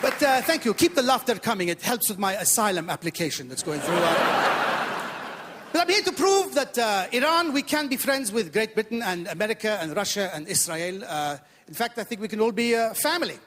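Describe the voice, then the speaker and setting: A man doing an exaggerated Iranian accent as a stand-up persona, with lively, mock-naive delivery. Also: sits high, a little fast, over a noisy crowd. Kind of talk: stand-up comedy. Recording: echoey theatre hall.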